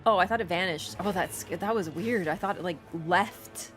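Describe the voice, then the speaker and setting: A woman streamer chatting casually while she plays, rambling with lots of fillers and quick laughs. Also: on the low side, fairly bright tone, faint music behind. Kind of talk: casual live-stream chat while gaming.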